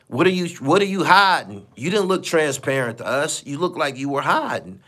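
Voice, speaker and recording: Dude hosting a live stream, kinda high voice, blunt and cussing, says stuff twice. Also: male voice, very animated, normal speed, bright, forceful tone. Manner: blunt, profane, repeats himself for emphasis. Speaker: podcast host. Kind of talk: casual live-stream commentary.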